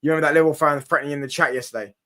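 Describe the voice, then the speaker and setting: A man's voice: fairly high pitch, steady tone, very fast, pushed and bright. A brash, sweary young man giving rambling reaction commentary on football. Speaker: football watchalong streamer.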